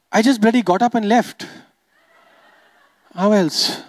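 A man's voice: sits high, animated, measured pace, long pauses, long reverb tail. A man from the Emirates doing stand-up comedy on stage, chatty and teasing, working the crowd. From United Arab Emirates. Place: comedy stage before a live audience.

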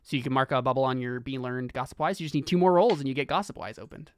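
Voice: medium pitch, fast, a little hiss or hum. A game master running a tabletop role-play game, explaining rules and often restarting sentences.

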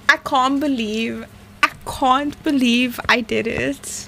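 A young woman streaming a game, talking in a shaky, breathless, excited way. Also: sits high, unhurried. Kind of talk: live game stream chat. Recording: faint background noise.

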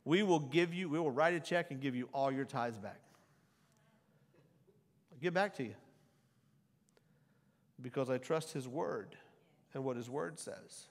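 A middle-aged male pastor preaching to a congregation, rising into loud scripture quotes and dropping back to conversational asides. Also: medium pitch, unhurried, pauses often. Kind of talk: sermon. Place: church sanctuary before a congregation. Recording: long hall reverb.

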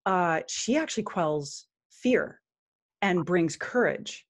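A woman guest on a podcast interview, calmly explaining a spiritual practice. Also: on the low side. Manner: calm, unhurried explaining. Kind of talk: interview, chanting a mantra.

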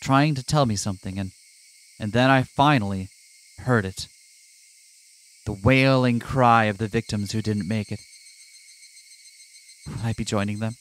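A man's voice: on the low side, a little slow, long pauses. A man, host of a gaming show, reads a visual novel aloud with dramatic narration and trades jokes with his co-host. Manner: dramatic reading mixed with joking asides. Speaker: let's play host. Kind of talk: reading a visual novel aloud with casual commentary.

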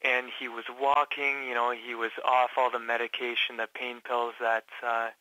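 A man from Canada, a guest in a casual interview, telling his story haltingly with many fillers and restarts. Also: medium pitch, level tone, pushed and bright, no echo, low-quality recording. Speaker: patient guest.

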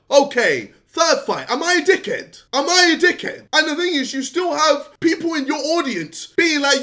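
High, lively man ranting. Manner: frustrated, scolding, sometimes shouting, laughs between points. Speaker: YouTuber. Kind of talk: direct-to-camera rant.

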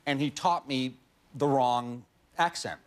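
Animated, self-mocking male guest storyteller. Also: medium pitch, takes it slowly, noisy background. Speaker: guest actor. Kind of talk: talk show anecdote.

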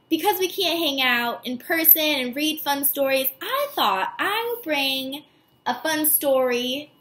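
A woman teacher reads a children's picture book aloud to her students in a warm, animated way. Her voice is high and swings widely. The recording has a noticeable room echo. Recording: echoey room.

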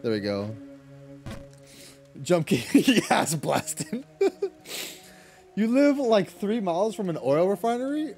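A man's voice: high-pitched, very animated, takes it slowly, pauses often, darkish tone, faint music behind. An Irish man livestreaming a game, chatting casually with his viewers, laughing often and cursing at the game. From Ireland. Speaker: streamer. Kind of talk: casual gaming livestream chat.

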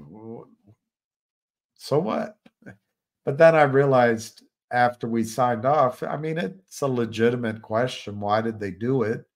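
An older man hosting a live stream, chatting casually and rambling with frequent restarts. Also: mid-range voice. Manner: rambling, musing, many restarts. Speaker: livestream host.

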